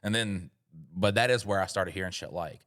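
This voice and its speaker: A man's voice: low-pitched, normal speed. A man co-hosting a podcast, telling a rambling comic story full of swearing. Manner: profane, rambling, animated. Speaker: podcast co-host. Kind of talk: comedic storytelling.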